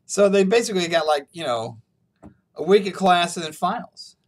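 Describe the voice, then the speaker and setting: A male professor talks his class through a story in a relaxed, chatty online lecture, chuckling often along the way. His voice sits a bit higher than most men's. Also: normal speed. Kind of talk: casual recorded online lecture.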